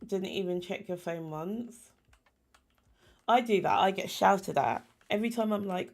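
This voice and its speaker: Woman, game streamer, casual chatter, talks to the animals on screen, unhurried, fry in the voice. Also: medium pitch. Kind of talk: casual gameplay chat.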